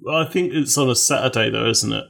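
A man's voice: mid-range voice, fast, creaky, fairly bright tone. A man playing a tabletop role-playing game, narrating his character's actions in a loose, rambling way. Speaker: player.

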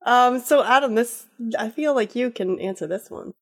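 A woman's voice: fairly high pitch, moderate pace. A woman co-hosting a tabletop podcast, chatting in a bubbly, teasing, giggly way. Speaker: podcast co-host and player. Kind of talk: casual podcast chat.

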